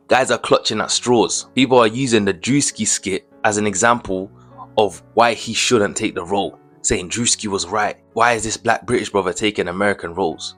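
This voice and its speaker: A man's voice: fairly low pitch, a bit bright. A young man giving casual commentary as a vlogger, indignant and slangy, firing off rhetorical questions.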